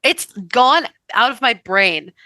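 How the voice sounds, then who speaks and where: A woman with a bright, sharp voice jokes and swears bluntly as a podcast co-host. The sound is dry and close, with no room echo. She talks in a casual, offhand way. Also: fairly high pitch, expressive, slow pace. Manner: blunt, profane, joking.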